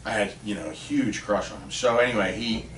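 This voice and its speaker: A man tells a story on a podcast, animated and lively, throwing himself into the quotes he acts out. He sounds set back from the mic in a roomy space. A faint hiss sits behind him. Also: on the low side, brisk. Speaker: podcast guest. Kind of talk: storytelling in casual chat. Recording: roomy and distant with faint noise.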